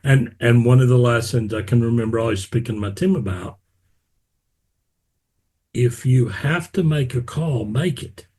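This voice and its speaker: A man hosting a casual interview, with a husky, slightly rough voice. He tells stories with energy and acts out the other people in them. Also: mid-range voice, normal speed, pauses often. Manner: animated storyteller, acts out quotes. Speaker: podcast host.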